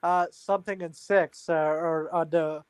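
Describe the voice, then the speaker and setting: High-voiced young man, eager and chatty. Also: fairly even intonation, measured pace, a crowd in the background. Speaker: guest. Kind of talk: casual chat.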